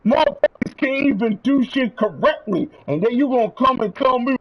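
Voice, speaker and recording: A man's voice: extremely high pitch, animated, normal speed, hardly any pauses, lo-fi sound. A man streaming, delivering a heated, profane rant to his viewers. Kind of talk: angry rant.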